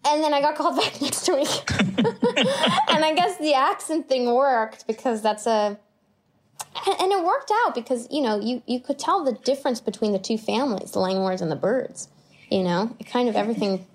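A woman in her twenties, an actor as an interview guest, telling stories in a chatty, animated way with lots of fillers and laughs. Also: fairly high pitch, moderate pace. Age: 20s. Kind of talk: casual conversational storytelling.

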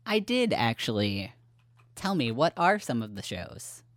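A woman's voice: a bass voice, big pitch swings, unhurried, dry recording. A woman co-hosting a podcast in casual chat, making dry, teasing quips into a shared microphone. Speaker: podcast co-host. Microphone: shared single microphone.

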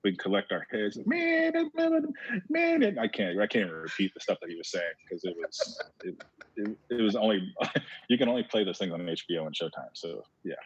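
A former baseball player, a man telling stories in a casual chat, animated and repeating words as he goes. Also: sits low, fast talker, husky. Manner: animated storyteller who repeats words as he talks. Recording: muffled lo-fi audio.

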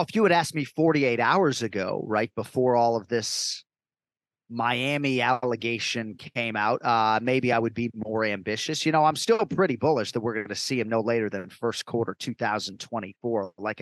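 A man's voice: mid-range voice, no echo. A man from Massachusetts, a sports play-by-play commentator, speaking as a guest in a casual interview in a fluent, emphatic way.

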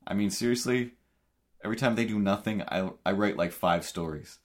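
A man's voice: on the low side, a little fast. A man with a Cape Breton accent co-hosting a podcast in casual chat, rambling with many fillers and restarts. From Cape Breton, Canada. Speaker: podcast co-host.

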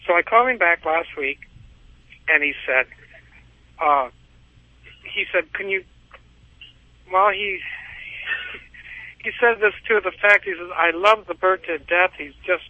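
Male caller, slightly high voice, rambling storyteller, muffled dry phone line. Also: unhurried, pauses often, no echo. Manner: rambling, repeats words, laughs often.

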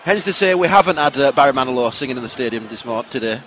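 A man co-hosting a casual football podcast, quick and joking, recorded outdoors at a stadium. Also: mid-range voice, animated, fairly bright tone, a little hiss or hum. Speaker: podcast co-host. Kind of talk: casual banter at a football match.

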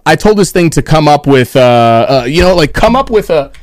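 A man's voice: on the high side, expressive, normal speed, no room sound, clean studio sound. A man hosting a podcast in loose, joking casual chat, swearing freely. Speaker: podcast host.

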